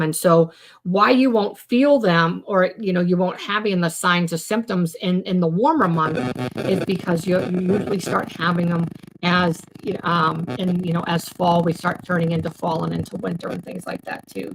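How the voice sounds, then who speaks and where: With a lowish, fairly bright voice, a woman talks mental health on a relaxed live stream and answers viewers' comments. Her speech wanders, with frequent restarts and plenty of "um" and "you know."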